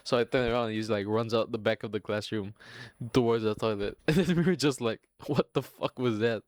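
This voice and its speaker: A young man rambles through a crude story for his podcast, swearing freely and breaking into laughter. His voice sits at a medium pitch. It is recorded dry and close with no room sound. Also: brisk, darkish tone, dry recording. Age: young adult. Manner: laughing often, profane, rambling with restarts. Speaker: podcast host. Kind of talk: casual storytelling monologue.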